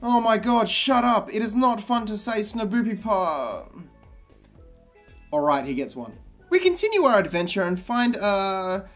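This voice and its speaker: A man giving sarcastic, comedic commentary on a game, with exasperated and deadpan asides. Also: high voice, a little slow, soft background music.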